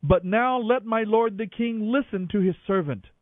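A man puts on a young warrior whose voice climbs high and bold as he argues and pleads. It comes through a narrow, tinny phone-like radio line with a dry, close sound. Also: moderate pace, no room sound, close to an everyday voice. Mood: pleading. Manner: impassioned, raised declamation.

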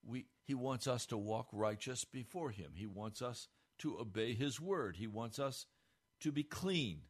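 A male pastor delivering a radio sermon, building to emphatic peaks and then dropping low and quiet. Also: expressive, unhurried.

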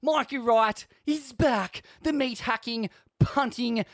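Australian male podcast co-host, high voice, sweary, rambling, animated. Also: slow, no room sound, clean studio sound. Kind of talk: casual chat.

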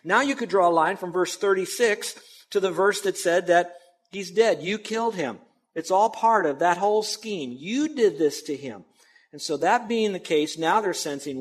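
Guy pastor giving a sermon, kinda high voice, chatty and emphatic, throws in asides. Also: moderate pace, breathy edge. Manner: conversational preaching, emphatic with asides.

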